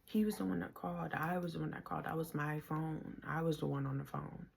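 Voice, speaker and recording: A woman's voice: low voice, steady tone, a little fast, gravelly, darkish tone, a little hiss or hum. A woman in her twenties from the Bronx with a New York accent, telling her own story to camera in casual slangy talk. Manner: casual slangy talk, quoting others in voices, rising when heated.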